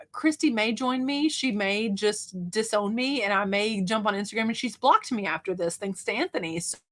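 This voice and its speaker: A woman's voice: mid-range voice, fairly bright tone. Chatty, laughing woman on a livestream. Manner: chatty, laughs often, reads out viewer comments. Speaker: livestream host. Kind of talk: casual livestream chat with viewers.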